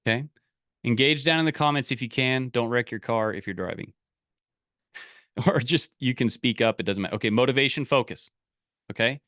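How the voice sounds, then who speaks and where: A man coaching a live online group, energetic and full of restarts and repeated words. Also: medium pitch, no echo, clean studio sound. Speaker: business coach.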